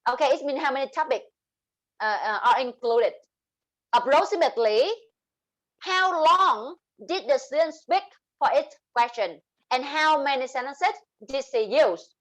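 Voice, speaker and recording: A woman with a Vietnamese accent teaching an English speaking class, explaining terms and slowly modeling example sentences. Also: high voice, fairly bright tone, low-quality recording. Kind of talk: online class lesson.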